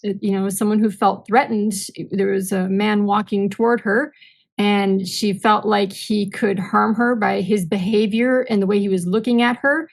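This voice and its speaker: A woman's voice: medium pitch, moderate pace, creaky, poor audio. A woman guest on a podcast, telling anecdotes animatedly and acting out bits of dialogue. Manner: animated storyteller, acts out dialogue. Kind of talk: casual conversational interview.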